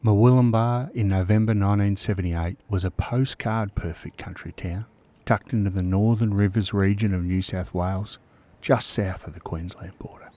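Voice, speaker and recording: A man hosting a podcast, telling a true-crime story in a measured, suspenseful narration that sometimes drops to a hush. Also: fairly low pitch, fairly even intonation. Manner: measured, suspenseful storytelling, dropping to hushed tones. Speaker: podcast host.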